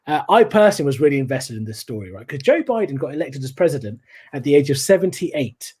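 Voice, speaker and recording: Man, stand-up comic, husky, animated delivery, slightly high voice. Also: fast talker. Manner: animated, lively storytelling with acted-out voices. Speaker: stand-up comedian. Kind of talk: stand-up comedy set.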